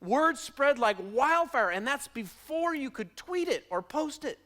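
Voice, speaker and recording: Animated high-voiced pastor preaching. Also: male voice, measured pace. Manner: dramatic, acts out quotes, swings from loud shouting to hushed asides. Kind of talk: sermon.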